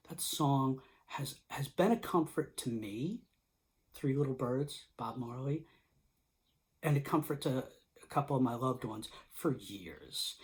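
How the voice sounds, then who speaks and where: Gentle soft-spoken reflective preacher. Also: mid-range voice. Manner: gentle and reflective, often softening to a near whisper; soft-spoken with frequent restarts and "you know". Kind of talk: reflective online sermon.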